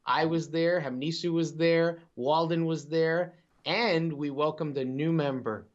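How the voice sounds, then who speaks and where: A man co-hosting a gaming podcast in casual chat, easygoing and quick to chuckle, with rambling asides. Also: a little high, fairly even intonation. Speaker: podcast co-host. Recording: dull lo-fi audio.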